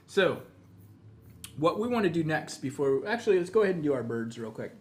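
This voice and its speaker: A man teaching a live painting tutorial, explaining each step in a relaxed, chatty way. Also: on the high side, fairly quick, slight background noise. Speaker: painting instructor.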